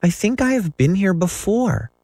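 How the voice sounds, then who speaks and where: A man's voice: high voice, sing-song, moderate pace, a little mellow, no room sound, pitched above the performer's own voice, heavily acted. A man doing a tiny, doubtful little boy. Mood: childlike. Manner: doubtful, childlike. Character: small sleepy youngest boy.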